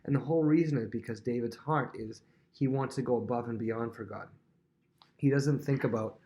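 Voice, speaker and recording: A man's voice: mid-range voice, moderate pace. A young man giving a casual, conversational Bible lesson, full of fillers and restarts, acting out the dialogue. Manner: chatty, acts out dialogue with animated voices. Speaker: Bible teacher.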